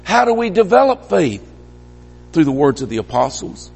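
A man preaches a sermon in a church hall, his slightly husky voice rising to emphatic peaks and then dropping low and quiet. His words ring out with a long reverb trailing behind them. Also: sing-song, moderate pace.

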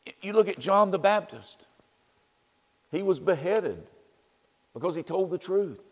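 A man's voice: high-pitched, lively intonation, unhurried, long reverb tail. A man preaching a sermon in a conversational way, with wry asides and frequent "you know"s.

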